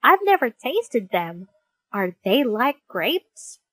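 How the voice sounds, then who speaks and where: A woman's voice: a little high, sing-song, slow pace, fairly bright tone, dry recording, full character voice. A woman voicing an earnest hungry young dog. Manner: earnest, a little nervous. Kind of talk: children's storybook reading.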